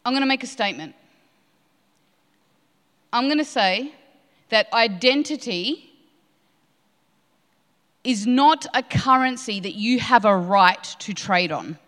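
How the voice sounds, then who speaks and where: A woman with a fairly high voice preaches a passionate sermon, driving her points home by repeating them. The sound carries a long reverb, as if picked up in a church hall. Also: lively intonation, slow pace, pauses often, fairly bright tone. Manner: impassioned, repeats lines for emphasis.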